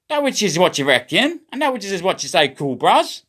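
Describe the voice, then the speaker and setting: A man's voice: high-pitched, big pitch swings, brisk, few pauses, a bit bright. An Australian man livestreaming a rambling, agitated monologue full of swearing.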